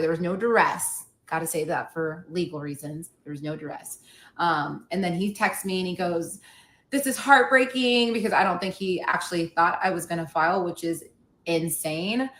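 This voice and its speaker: A woman's voice: fairly low pitch, a bit bright, echoey room. A woman podcast host candidly retelling a personal story and acting out the quoted dialogue.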